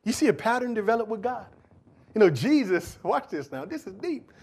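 A man preaching a sermon as pastor, building to loud, pleading calls and then dropping to quiet asides to the congregation. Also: high-pitched, big pitch swings, fairly quick, husky. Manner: preaching with rising shouted appeals and sudden drops to quiet asides.

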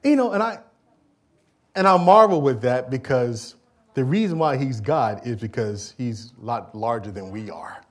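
A middle-aged male pastor preaching a sermon in a church, swinging from quiet asides to loud, emphatic declarations. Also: medium pitch, expressive, moderate pace.

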